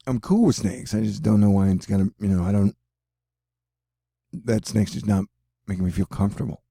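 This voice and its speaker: Gravelly-voiced man rambling through a weather vlog. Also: fairly low pitch, normal speed, dark tone, dry recording, clean studio sound. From United States. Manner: rambling, jokey, frequent fillers. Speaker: weather video host. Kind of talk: rambling casual vlog commentary.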